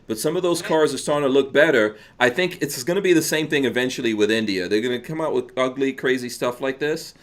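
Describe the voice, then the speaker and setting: A man's voice: mid-range voice, fast talker, hardly any pauses. A man hosting a casual podcast, rambling and reading out viewer donations. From United States. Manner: rambling, reads donor names, laughs often. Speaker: podcast host.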